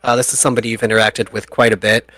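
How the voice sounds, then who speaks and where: A man's voice: lowish voice, flat delivery, very fast, a bit bright, no room sound. A man narrating as game master of a tabletop game, chatty and laughing often at his own jokes.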